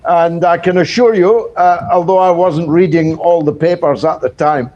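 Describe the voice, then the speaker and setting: An older man giving a wry, rhetorical answer as a guest in a live news interview, filling his pauses with "uh". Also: a little high, steady tone, darkish tone, dull audio. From Britain. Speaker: political commentator guest.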